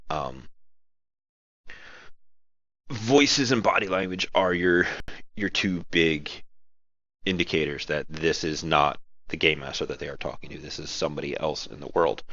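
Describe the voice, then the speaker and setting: Deep-voiced man giving game master tips. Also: a bit bright, no echo, lo-fi sound. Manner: rambling, self-correcting, laughs at himself. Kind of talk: casual spoken advice talk. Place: at home, girlfriend nearby watching TV. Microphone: audio-only recording, no camera.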